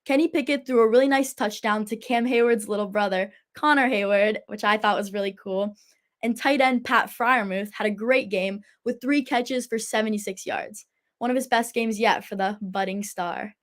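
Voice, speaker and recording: A woman's voice: fairly high pitch, normal speed. A teenage girl hosting a casual sports talk show, chatty and enthusiastic. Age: teens. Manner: chatty and enthusiastic, laughs often. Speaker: host.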